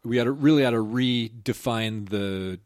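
A man hosting a podcast, chatting casually, opinionated and quick to laugh. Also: medium pitch, darkish tone, no echo, studio quality. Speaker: podcast host. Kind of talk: casual chat.

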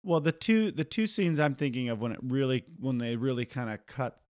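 Man, casual film chat, animated retelling, acted quotes, dry close mic. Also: mid-range voice, no room sound. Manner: retells scenes with bursts of laughter and quick acted quotes. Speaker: podcast co-host.

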